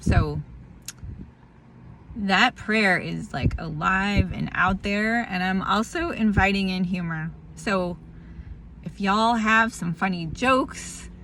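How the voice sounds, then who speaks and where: A woman's voice: mid-range voice, slow, a bit bright, slight background noise. A tired woman talking candidly in a casual spoken diary, rambling and laughing through a hard family moment. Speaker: vlogger sharing a family update.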